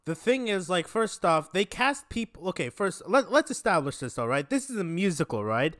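A man co-hosting a podcast, his voice high and swinging widely in pitch. He pushes insistently to finish his points. The sound is dry and close. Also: normal speed, no room sound. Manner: animated, insistent. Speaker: podcast co-host. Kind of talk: casual chat.

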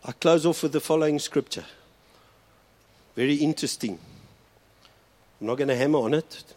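Pastor preaching slowly. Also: male voice, on the high side, darkish tone. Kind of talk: sermon. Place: church hall.

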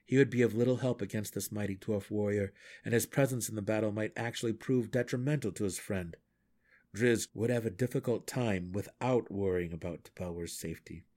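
A man reading a fantasy novel aloud in steady, measured storytelling. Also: lowish voice. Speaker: audiobook reader. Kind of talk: fan audiobook narration.

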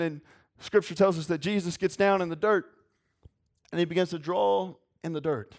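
A man's voice: high voice, steady tone, moderate pace. A man preaching a sermon in a folksy, earnest way. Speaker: pastor.

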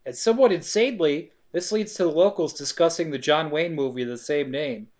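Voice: medium pitch, brisk, a little mellow. A podcast co-host talks through a film's plot in loose, casual chat. The voice sits in a middle range, and the delivery stays wry and full of laughter. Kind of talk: casual movie recap chat.

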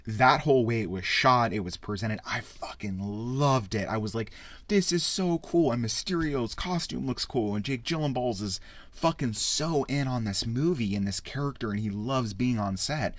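A man hosting a casual spoken film review, rambling and excitable, with frequent swearing. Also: medium pitch, normal speed, no echo. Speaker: podcast host reviewing a film.

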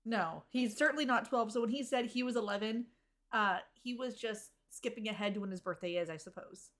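A woman co-hosting a casual TV recap podcast, talking in a tired, wry way with quick asides and frequent laughs. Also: a little high, a bit bright. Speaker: podcast co-host recapping a TV episode. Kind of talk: casual chat.

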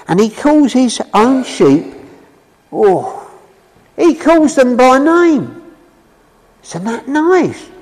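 A man preaching a sermon and telling his own story, emphatic, swinging from loud calls to low drawn-out words. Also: in a large hall, low-quality recording. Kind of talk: street preaching sermon with personal testimony.

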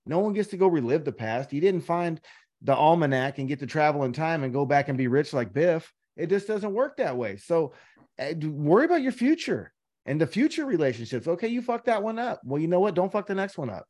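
A man's voice: fairly high pitch, big pitch swings, brisk, a little mellow. A man co-hosting a podcast, giving blunt, profane life advice in an emphatic, preachy way. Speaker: podcast co-host. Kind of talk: casual chat.

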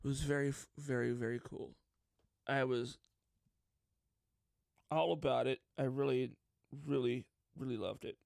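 Excitable gravelly-voiced male podcast host. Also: medium pitch, measured pace, pauses often, dry recording. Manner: excitable and openly emotional storyteller. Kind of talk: casual solo podcast chat.

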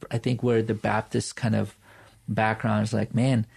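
Gravelly, husky-voiced man telling stories. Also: on the low side, little pitch movement, moderate pace, darkish tone. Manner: earnest, storytelling with many fillers and restarts. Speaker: pastor and church planter. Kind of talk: podcast conversation, storytelling.

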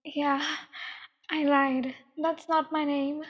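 A woman voicing a cold, teasing young female killer who speaks in a slow, mocking, menacing way. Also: sits high, level tone. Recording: dull, long echoing reverb.

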